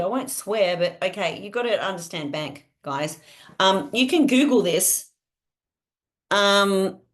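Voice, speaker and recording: Speaking in a lowish voice, a woman hosts a live virtual training session for her sales team via video call. She keeps it chatty and upbeat, regularly asking the listeners questions.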